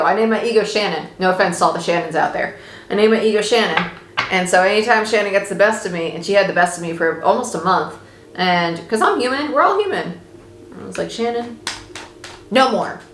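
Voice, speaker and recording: A woman giving a casual, chatty tarot reading, reassuring her listeners and swearing now and then. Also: medium pitch. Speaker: tarot reader. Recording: echoey room with faint noise.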